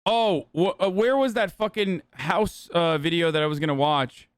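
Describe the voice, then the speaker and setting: A man's voice: a little high, moderate pace, clear, resonant tone, no echo, clean studio sound. A man hosting a casual livestream reaction, joking, sarcastic and profane. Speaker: streamer host.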